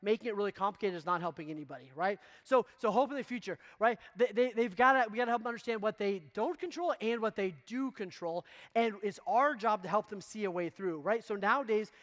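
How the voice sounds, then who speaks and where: A man giving a motivational keynote to real estate agents, energetic and constantly checking in with the audience. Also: sits high, fast, hardly any pauses, in a large hall. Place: conference stage before a live audience.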